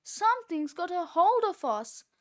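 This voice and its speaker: A woman reading aloud, voicing an excitable young boy who shrieks in panic. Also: extremely high pitch, takes it slowly, full character voice. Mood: panicked. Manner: shrieking, frantic.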